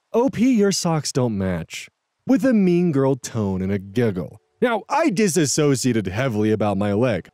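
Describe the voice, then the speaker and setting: A man reading online stories aloud in an animated, expressive way, adding wry comments of his own. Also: medium pitch, no room sound, studio quality. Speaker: story narrator and commentator.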